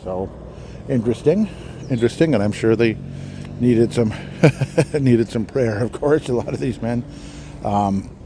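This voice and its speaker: A man hosting a podcast, walking outdoors through a cemetery and musing aloud with pauses, slightly out of breath. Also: medium pitch, dark tone, a little hiss or hum. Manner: musing, halting, reads out names and dates. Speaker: podcast host. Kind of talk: walking tour commentary.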